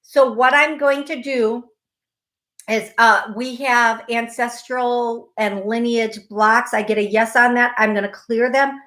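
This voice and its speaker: Effusive psychic host, high voice. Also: female voice, fairly even intonation, measured pace, a bit bright. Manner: effusive, emphatic, repeats phrases. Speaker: psychic medium radio show host. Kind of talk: call-in psychic reading.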